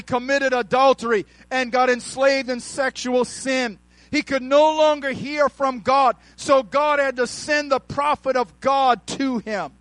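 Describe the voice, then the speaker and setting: High-voiced, slow preaching man. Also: fairly even intonation, no echo, rough recording. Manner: calls out to the congregation, rising to shouts; slow, drawn-out emphasis on key words. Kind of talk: sermon.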